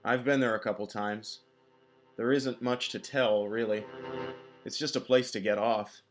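A man's voice: fairly low pitch, steady tone, unhurried, soft background music, lightly acted. A man voicing a whiny, sleazy male suspect under arrest, talking in a groaning, confessional way.

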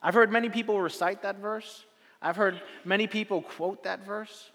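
Male pastor, bright high voice, storytelling sermon with big loud-to-quiet swings, long hall reverb. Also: fairly even intonation, normal speed. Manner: repetitive rhetorical phrasing.

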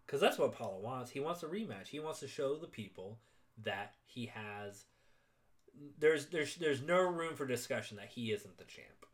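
A man's voice: mid-range voice, normal speed. A man casually recapping a movie with a co-host, swearing a lot and acting out the characters' lines. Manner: excitable, profane, acts out quotes. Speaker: podcast co-host.

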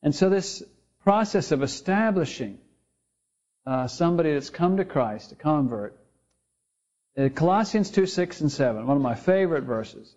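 High-voiced man preaching a sermon. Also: animated, normal speed, a little mellow. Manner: storytelling, conversational with quoted voices. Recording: dull lo-fi sound.

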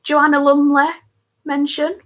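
A young woman co-hosting a podcast, chatty and quick as she recaps an episode with laughs. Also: high voice, completely flat delivery, fairly bright tone. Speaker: podcast co-host. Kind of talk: casual chat.

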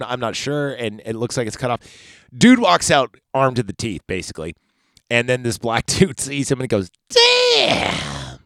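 A man's voice: mid-range voice, no echo. A man hosting a podcast, recapping a movie in a laid-back, chatty way that rambles into digressions and swearing. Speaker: podcast host.

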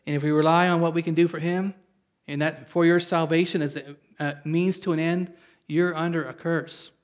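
A pastor with a slightly high voice preaches an earnest sermon to his congregation, reading scripture aloud, putting it into everyday language and repeatedly asking for an amen. His tone stays level at a moderate pace.

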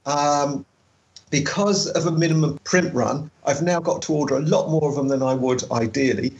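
Chatty man with a raised pitch. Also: muffled recording. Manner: chatty, animated, laughs easily, slows down for a careful read-aloud. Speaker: podcast co-host and travel author. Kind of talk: casual podcast chat.

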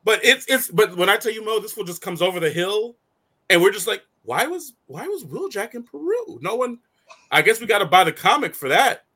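Male host, casual review chat, animated and slangy, slightly high voice. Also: a little fast. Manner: animated, slangy, laughs often, acts out quotes. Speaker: show host.

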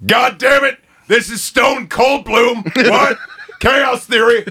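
A man doing a comedic impression of a shouting tough-guy wrestler who barks "What?" after every line. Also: extremely high pitch, steady tone, takes it slowly, slight background noise, voice pushed up, full character voice. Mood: brash shouting. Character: shouting wrestler-style tough man bragging about chaos theory.

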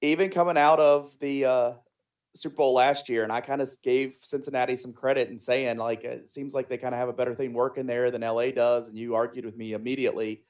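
A man's voice: medium pitch, steady tone, a little fast, darkish tone. A man co-hosting a sports podcast, joking and teasing in casual chat. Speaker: podcast co-host.

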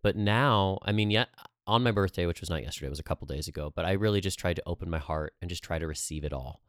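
A man's voice: deep voice, quick pace, no echo, clean studio sound. A man in his thirties co-hosting a podcast, chatting playfully and openly about his birthday and astrology. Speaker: podcast co-host. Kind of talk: casual chat.

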